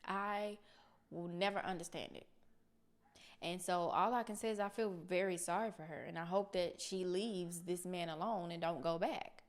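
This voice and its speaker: Lady doing a reaction vid, kinda low voice, earnest, talking straight to viewers. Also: moderate pace. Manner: earnest, speaks plainly to viewers. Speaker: reaction video host. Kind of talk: casual commentary.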